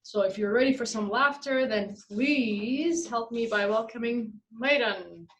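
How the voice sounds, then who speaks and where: Woman emcee, higher voice, measured formal intro. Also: a bit bright, rough recording. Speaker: event host. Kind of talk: reading an introduction.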